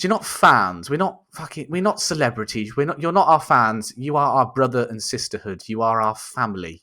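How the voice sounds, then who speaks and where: A man's voice: mid-range voice, expressive, a little fast, hardly any pauses, pushed and bright. A young man co-hosting a podcast, chatting casually in a jokey, sweary, mock-grand way. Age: young adult. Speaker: podcast co-host. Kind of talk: casual chat.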